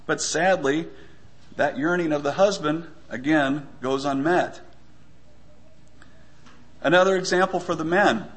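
A man giving a conversational sermon, often pausing with fillers and stumbling for words. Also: fairly high pitch, a bit bright. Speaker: preacher.

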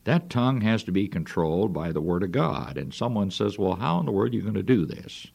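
A man's voice: on the low side, sing-song, brisk, creaky, darkish tone, husky. A man preaching a radio sermon in an earnest, folksy way.

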